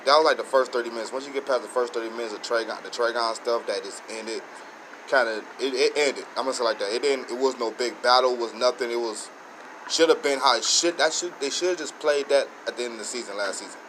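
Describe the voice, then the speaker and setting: A man hosting his own channel, giving a rambling, excited casual review with many restarts and self-corrections. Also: mid-range voice, fast talker, slight background noise, low-quality recording. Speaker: show host reviewing episodes.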